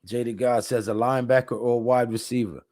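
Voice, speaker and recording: Brief: male live-stream host, tired, laid-back, mellow dark tone, dry close sound. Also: medium pitch, steady tone, brisk, dry recording. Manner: laid-back, reads chat comments aloud. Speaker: livestream host. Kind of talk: casual live-stream chat.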